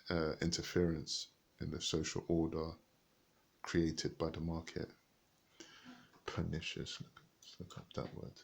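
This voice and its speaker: A man reading a book aloud haltingly, stopping to look up words and rereading passages. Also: deep voice, creaky, slightly rough. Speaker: reader.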